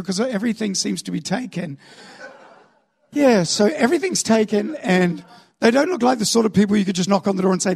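A middle-aged male preacher giving a sermon with animated comic storytelling, acting out crowds and shouting, then dropping to soft earnest tones. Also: sits high, fairly quick, creaky, breathy edge.

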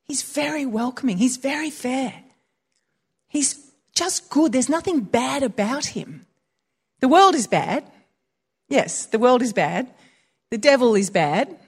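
A woman's voice: high voice, expressive, takes it slowly, long pauses, breathy edge. A woman preaching in a chatty, conversational way, mixing scripture with personal stories. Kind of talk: conversational sermon.

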